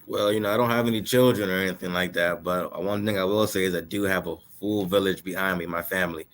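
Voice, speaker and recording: A young man from Nigeria speaks easygoing talk-show conversation with a very low voice. His delivery is relaxed and loose, full of filler words. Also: fast. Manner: relaxed, loose, drops in "man" and "you know". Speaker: guest entrepreneur.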